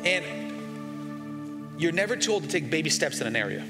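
A man's voice: a little high, big pitch swings, normal speed. A man in his forties, a pastor preaching to his congregation with emphatic call-and-response. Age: 40s. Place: large church sanctuary. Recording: long hall reverb, faint music underneath.

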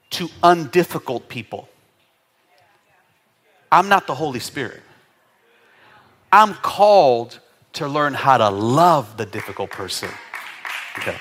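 A male pastor preaching a sermon, animated and often laughing as he acts out congregants' voices. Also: on the high side.

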